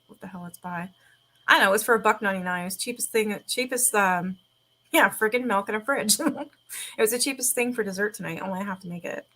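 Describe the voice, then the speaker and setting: A woman's voice: mid-range voice, sharp tone. A woman chatting casually, rambling, swearing freely and laughing often. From Canada. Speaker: streamer. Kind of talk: casual chat.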